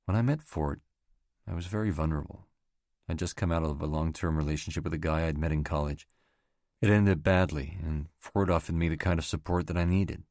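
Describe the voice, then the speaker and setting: A man's voice: extremely low pitch, brisk, darkish tone, dry recording, studio quality. A man reading the part of a hurt, defensive young woman in an audiobook. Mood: quiet.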